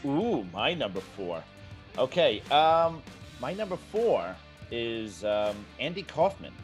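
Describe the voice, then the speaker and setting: A man who is a comedian, guesting on a podcast; he talks in an animated, jokey way. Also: mid-range voice, takes it slowly, soft background music. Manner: animated, jokey, breaks into voices. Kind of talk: casual chat.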